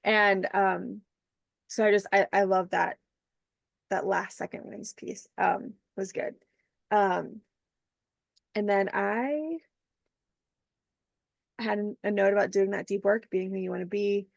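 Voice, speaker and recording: A woman's voice: medium pitch, steady tone, slow pace, vocal fry, long pauses, no room sound, muffled recording. A woman hosting a podcast, talking reflectively in casual conversation with many fillers. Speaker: podcast host.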